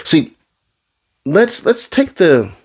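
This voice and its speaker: A man doing a casual commentary rant, full of street slang, who swings from low asides into high, exasperated outbursts. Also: very animated, very slow, husky. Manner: street slang, addresses the audience as bro. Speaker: commentary vlogger.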